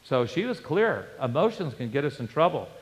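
A male pastor preaching a sermon, animated and storytelling, with rhetorical questions to the congregation. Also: fairly high pitch, normal speed. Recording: long hall reverb.

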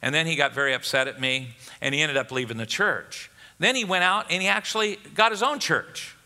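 Bright-voiced preaching man in a reverberant church. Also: on the high side, expressive, fairly quick. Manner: emphatic preaching, rising for questions. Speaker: pastor. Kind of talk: sermon. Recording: long hall reverb.

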